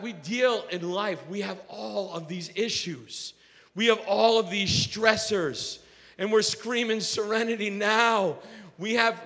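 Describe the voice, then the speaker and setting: A male pastor preaching a sermon, telling stories in an animated way with self-mocking humor. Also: high voice, long reverb tail. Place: church sanctuary.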